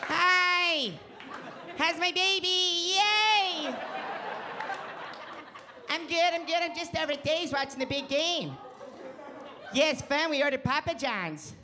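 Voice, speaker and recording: Man doing a lovesick boyfriend on the phone, soft sweet cooing, meek, noisy live club recording. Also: extremely high pitch, slow, pauses often, crowd noise, pitched above the performer's own voice. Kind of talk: stand-up comedy. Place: comedy club stage.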